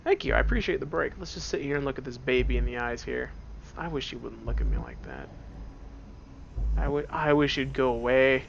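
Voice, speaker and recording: Gravelly man joking through a game. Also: medium pitch, sing-song, fairly quick, highs cut off, a little hiss or hum. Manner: playful, joking to himself. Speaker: let's play host. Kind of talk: casual gameplay commentary. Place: dark room at home. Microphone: wearing headphones at the computer.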